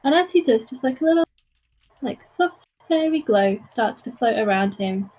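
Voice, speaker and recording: Woman playing a tabletop game, kinda high voice, soft descriptive chatter. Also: lively intonation, normal speed, poor audio. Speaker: player. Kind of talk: casual chat at a tabletop game.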